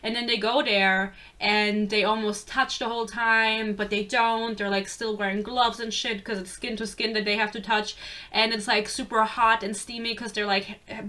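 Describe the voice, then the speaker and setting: A woman's voice: mid-range voice, fairly even intonation, moderate pace, sharp tone. A young woman giving a casual, sarcastic book review rant, swearing freely and chatting.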